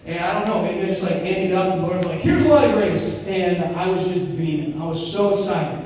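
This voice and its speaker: A man's voice: high-pitched, brisk. A young man giving a casual faith talk, telling stories with lots of fillers. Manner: animated storytelling with many fillers. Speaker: speaker on Christian formation. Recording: very echoey hall, mic far off, faint noise.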